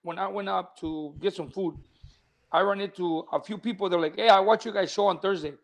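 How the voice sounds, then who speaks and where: A man's voice: high voice, fairly quick, creaky. A man who co-hosts a podcast as a boxing coach, talking in an easygoing way with many "you know" fillers. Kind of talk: casual podcast chat.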